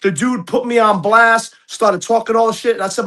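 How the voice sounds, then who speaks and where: A man's voice: sits high, brisk, a bit bright. A middle-aged man hosting a podcast, talking bluntly and profanely in a heated, casual rant. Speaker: podcast host.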